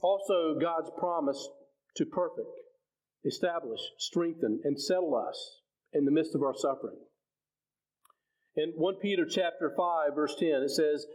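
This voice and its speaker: A man's voice: fairly high pitch, measured pace, a little mellow, low-quality recording. A man preaching a sermon in a conversational way, often repeating words and restarting phrases as he explains scripture.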